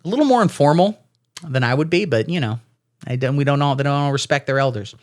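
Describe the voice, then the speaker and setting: Sarcastic rambling comedian, lively pitch. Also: male voice, fast talker. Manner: sarcastic, rambling, puts on silly voices for quotes. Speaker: comedy streamer. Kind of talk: satirical commentary reading texts.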